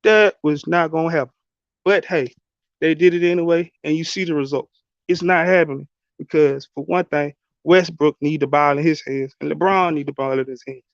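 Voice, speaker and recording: A man hosting his own sports channel, giving a blunt, animated casual rant straight to his viewers. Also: fairly high pitch, moderate pace, no echo. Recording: dry, dull lo-fi sound.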